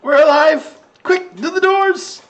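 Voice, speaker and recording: Chirpy high-voiced elf hero, cheery, voiced by a man. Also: slow pace, fairly bright tone, exaggerated voice. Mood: chipper.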